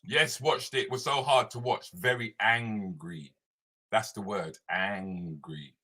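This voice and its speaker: A man's voice: on the low side, takes it slowly. A man hosting a live stream as a comedian, chatting loosely and greeting viewers by name. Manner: animated, loose, slangy, talks straight to viewers by name.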